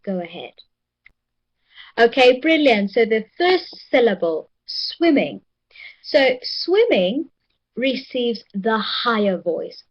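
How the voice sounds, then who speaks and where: A woman with a fairly high voice teaches an English pronunciation class, encouraging students and slowly repeating words for them. The audio sounds dull.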